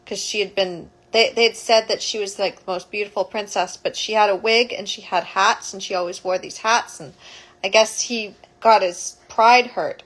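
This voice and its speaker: A woman's voice: medium pitch, steady tone, moderate pace, fairly bright tone, rough recording. A woman, a childbirth educator, retelling a story casually, rambling and correcting herself as she goes.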